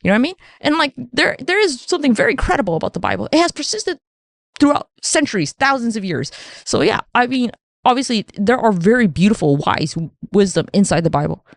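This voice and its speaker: A woman hosting a solo podcast, talking in a rambling, profane, animated way and acting out the voices she quotes. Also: fairly high pitch, fairly quick, no room sound. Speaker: podcast host. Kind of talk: casual solo podcast monologue.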